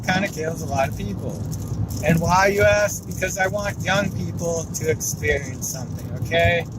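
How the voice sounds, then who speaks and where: Wry male comic in a noisy car. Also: a little high. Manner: wry, conversational storytelling. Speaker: stand-up comedian. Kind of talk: stand-up set. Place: car, while driving. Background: car and road noise.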